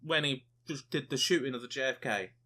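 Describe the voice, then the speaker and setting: A man hosting a casual podcast chat, animated, cursing freely and laughing often. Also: mid-range voice, a little fast. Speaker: podcast host.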